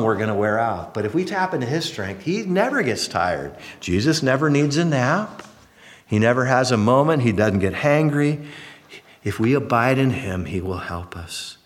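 A pastor delivers a sermon in a mid-range voice, telling stories animatedly and acting out the characters' voices. A long hall reverb hangs over the recording.

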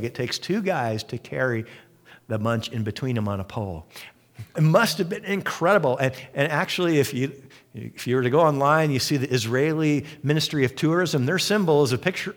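A middle-aged man preaching a sermon, retelling a story with lively, acted-out quotes. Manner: animated storytelling, acting out quoted voices with big pitch jumps.

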